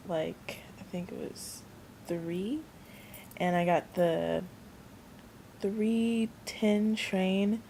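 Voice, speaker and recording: A woman's voice: fairly low pitch, gravelly, dark tone, slight background noise. A young woman vlogging, telling a rambling story in a chatty way and acting out the people she quotes. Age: young adult. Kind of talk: casual storytelling vlog.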